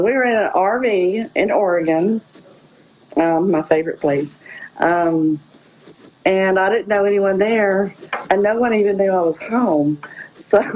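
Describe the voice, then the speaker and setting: A woman's voice: fairly low pitch, darkish tone, low-quality recording. A woman telling her own story in a casual interview, rambling with many "you know" fillers. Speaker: guest.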